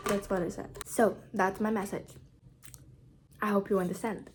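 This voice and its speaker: Brazilian-accented woman vlogger, mid-pitched, earnest self-help pep talk, repeats her points simply. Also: fairly even intonation, measured pace, slight background noise. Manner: earnest, repetitive, simple phrasing. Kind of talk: casual motivational chat.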